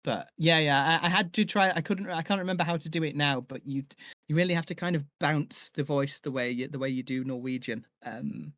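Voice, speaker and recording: A man's voice: a little high, fairly quick, fairly bright tone, dry recording, clean studio sound. A young man from Cheshire, an audio drama maker, chatting casually on a live stream and rambling with many fillers and restarts. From Cheshire, England.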